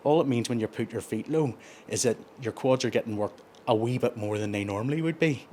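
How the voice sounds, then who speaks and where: A man's voice: mid-range voice, fairly quick, darkish tone, a little hiss or hum. A man, chatting casually between sets in a gym and rambling through his explanations with plenty of self-corrections. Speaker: gym vlogger.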